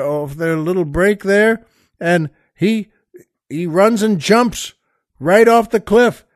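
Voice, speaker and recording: A man's voice: high voice, dry recording, clean studio sound. An older man hosting his own show, retelling a favorite movie scene in a rambling, folksy way, full of "well" and "by the way" asides. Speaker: podcast host. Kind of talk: casual storytelling monologue.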